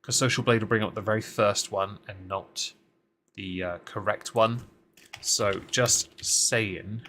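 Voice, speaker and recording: A man's voice: fairly low pitch, steady tone, unhurried, bright, forceful tone, slight background noise. A man hosting a casual live-stream commentary, talking with dry, sarcastic asides and frequent ums as he greets chat and reads through posts.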